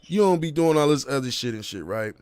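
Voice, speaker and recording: A man in his thirties hosts a casual podcast chat, spinning a long story with street slang and acting out the quotes. His voice sits at a middle pitch and is recorded dry and close to the mic. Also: a little fast, clear, resonant tone, dry recording. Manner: animated, profane street slang, acts out quotes. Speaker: podcast host.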